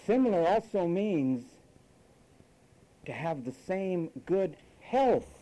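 A male preacher delivering a sermon with a lively, swooping delivery and a higher-than-usual voice. His tone is mellow and dark, and he scolds and mocks while acting out what others say. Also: poor audio.

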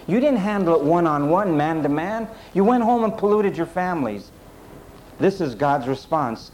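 A male preacher with a voice pitched a little above the usual male range delivers a sermon. He hammers points home through repetition and speaks straight to the people in front of him. A faint hiss sits under the recording. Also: lively intonation, unhurried, a little mellow, poor audio. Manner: emphatic, repetitive rhetorical preaching; addresses the congregation directly.

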